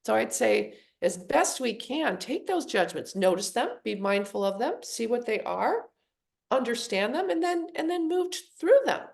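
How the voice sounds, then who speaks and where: A middle-aged woman with a gravelly, fry-tinged voice speaks as a psychologist guest on a podcast. She tells her stories in an animated way. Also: on the high side, moderate pace. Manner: storytelling, animated voicing of quoted people. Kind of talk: podcast interview.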